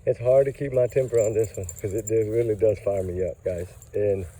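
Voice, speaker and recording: This is a man giving heated, casual commentary, tired and short of breath. His voice sits low and sounds deeply dark and mellow. He talks emphatically, as if venting to his viewers. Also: steady tone, fairly quick, slightly rough, low-quality recording. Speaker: true crime commentator.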